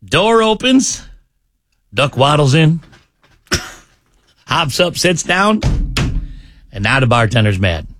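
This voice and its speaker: A male morning radio host in casual banter, telling a joke with lively swings of pitch for the characters. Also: slow pace, long pauses, no room sound, faint music behind. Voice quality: animated storyteller, swings pitch for the joke's characters. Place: radio studio.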